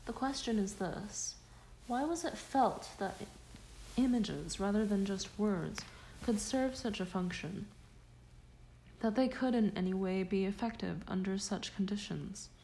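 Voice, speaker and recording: A woman narrating a scholarly nonfiction audiobook in a measured, deliberate manner. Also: medium pitch, vocal fry, dark tone, a little hiss or hum, low-quality recording. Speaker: audiobook reader.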